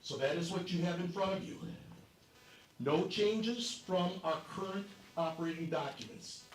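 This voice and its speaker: Distant man explaining bylaws in a hall. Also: high-pitched. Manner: measured, explanatory. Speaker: committee chair presenting bylaws. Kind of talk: convention floor presentation. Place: convention hall. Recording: echoey hall, distant mic, faint noise.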